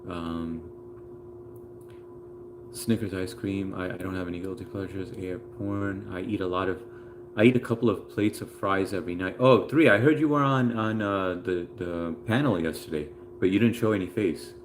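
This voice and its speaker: A man's voice: low voice, normal speed, a little hiss or hum. A man hosting a casual live stream from home, reading out viewer comments in a laid-back, chatty way with plenty of fillers.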